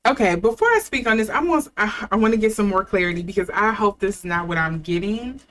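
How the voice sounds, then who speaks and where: A woman's voice: mid-range voice, expressive, fast talker, a bit bright. A young adult woman giving a casual tarot reading, thinking aloud with fillers and restarts. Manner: chatty, thinking aloud, with fillers and self-corrections. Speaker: tarot reader.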